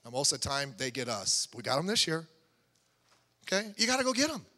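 A man preaching a sermon in a conversational, animated way, building to emphatic peaks. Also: medium pitch, brisk. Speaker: pastor. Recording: long hall reverb.

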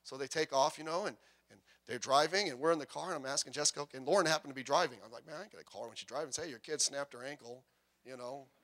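An older man preaching a sermon, telling personal stories with animated swings between loud emphasis and quiet asides. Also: medium pitch, rapid-fire. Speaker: pastor.

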